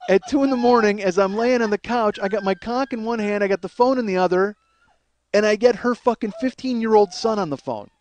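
High-voiced man telling crude comic stories. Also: a little fast. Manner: rambling, profane, repeats and restarts himself. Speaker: comedian host.

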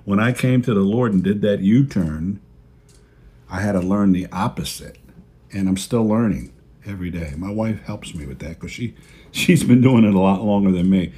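A fairly low-voiced man preaching to his church in a plain, folksy way. He repeats his key phrases for weight and talks like he's chatting with his flock. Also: moderate pace, dark tone. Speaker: pastor. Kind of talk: sermon. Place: church video service.

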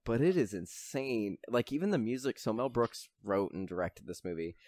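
A man's voice: medium pitch, animated, moderate pace, a little mellow, no room sound. A man co-hosting a podcast, rambling casually and retelling film scenes with lots of fillers. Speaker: podcast co-host. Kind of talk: casual film review chat.

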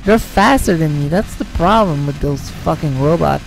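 Over soft background music, a gaming host narrates a live let's-play in a mid-range, creaky voice with lively intonation. Thinking aloud and slowly reading the game text, he now and then bursts out in panicky swearing.

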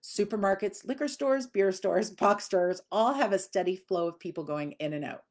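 A woman's voice: medium pitch, moderate pace, a little mellow. A woman dog trainer, answering viewer questions in a casual live lesson and often acting out what people say. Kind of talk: live Q&A teaching.

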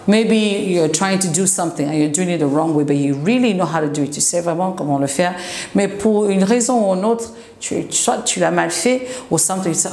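A woman teacher explaining English grammar in a slow classroom lesson, sometimes switching into French. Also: on the low side, darkish tone. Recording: echoey room with faint noise.

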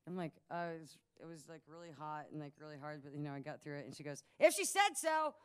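A woman's voice: sits low, steady tone, fast talker, a little mellow, smooth. A woman in her late twenties chatting casually from the stage of a small music venue, telling a rambling story with plenty of laughs. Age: late 20s. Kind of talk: casual stage banter at a live show.

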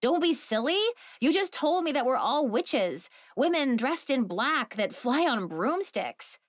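A woman's voice: on the high side, big pitch swings, a little slow, dry recording, studio quality, voice pushed up. A woman voicing a dazed young woman in her twenties, incredulous and full of questions.

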